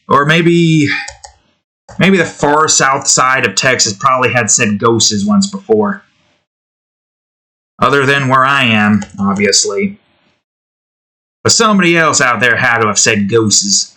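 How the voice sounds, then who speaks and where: Drawing on stream for his own channel, this man keeps up a casual, rambling commentary to himself, trailing off as he thinks aloud. His medium-pitched voice sounds bright and forceful.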